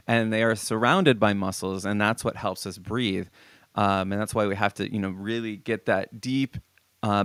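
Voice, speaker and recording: A man leading a casual singing lesson, relaxed and full of ums and restarts as he explains breathing and warm-ups. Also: fairly low pitch, no echo. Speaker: vocal coach.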